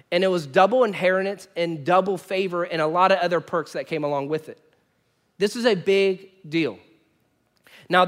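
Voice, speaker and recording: A high-pitched male pastor delivers a sermon with animated storytelling. He alternates between loud outbursts and quiet asides.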